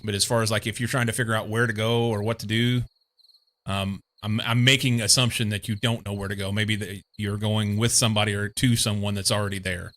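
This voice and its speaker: Young male streamer from Missouri; crisp, bright tone, a touch low, meandering chatty delivery. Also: little pitch movement, brisk. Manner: rambling, meandering, many fillers. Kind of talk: casual chat while playing a game.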